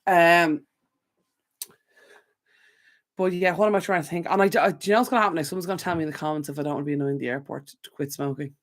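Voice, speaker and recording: A young Irish woman hosting a live stream from her desk, rambling in casual rants with plenty of fillers. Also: low-pitched. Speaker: channel host. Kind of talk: live stream chat with viewers. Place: home desk. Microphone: desk camera mic.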